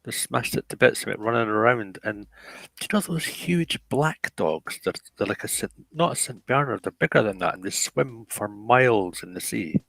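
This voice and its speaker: A middle-aged man in casual chat, rambling and halting with many restarts. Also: fairly low pitch, expressive, gravelly, fairly bright tone, dry recording, rough recording.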